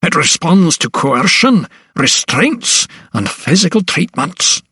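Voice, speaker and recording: A man's voice: big pitch swings, slow, fairly bright tone, husky, no room sound, clean studio sound, exaggerated voice. A man voicing an elderly male asylum principal who is arrogant and dismissive, speaking in a raised, condescending tone in an audiobook. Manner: condescending, pitched higher.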